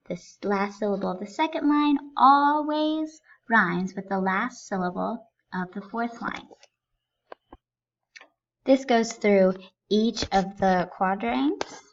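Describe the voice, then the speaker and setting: A woman's voice: medium pitch, slow, dull audio. A woman teaching a recorded lesson, explaining things step by step in a patient way.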